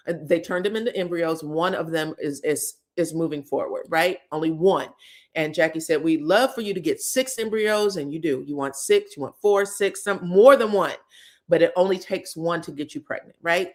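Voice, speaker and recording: A woman in casual chat, recapping reality-show scenes for viewers with animated, emotional delivery and free swearing. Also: low voice. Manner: retells scenes in others' voices.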